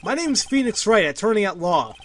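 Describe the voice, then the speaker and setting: A man's voice: sits high, sing-song, brisk, voice pushed up. A man voicing an earnest young male defense attorney who speaks urgently and emphatically. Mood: accusing. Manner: urgent and emphatic, shouting objections.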